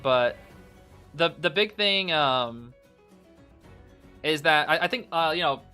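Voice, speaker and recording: A man streaming, casually co-commentating esports matches and chatting to viewers in an excitable way, often saying "bro" and laughing. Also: a little high, slow pace, smooth, faint music behind.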